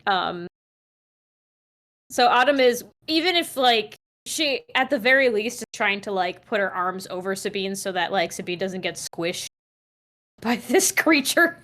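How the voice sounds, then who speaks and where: A woman's voice: mid-range voice, lively intonation, measured pace, a bit bright. A woman playing a tabletop game, talking hesitantly with many fillers and giggles. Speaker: player.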